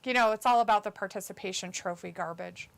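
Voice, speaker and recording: A woman's voice: medium pitch, fast talker, gravelly. A woman co-hosting a live stream, chatting casually, bluntly dismissive as she reads viewer comments aloud. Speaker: co-host of a wrestling watch-along stream.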